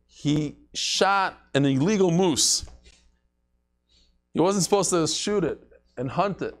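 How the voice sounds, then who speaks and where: Male Talmud teacher, slightly high voice, casual lecture, chants quotes, quick to joke. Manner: lively, joking, chants Aramaic quotes.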